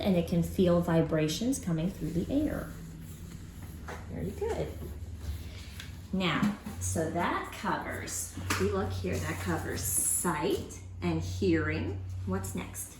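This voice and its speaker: A woman teaching a Sunday school lesson to children at home, in a lively, encouraging way. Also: lowish voice, slow, noisy background. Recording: roomy room sound with faint ambience.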